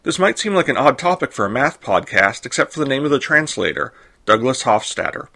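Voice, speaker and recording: A man hosting a podcast, reading a scripted explanation in a clear, measured way. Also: medium pitch, big pitch swings, sharp tone. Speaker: podcast host. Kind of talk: scripted narration.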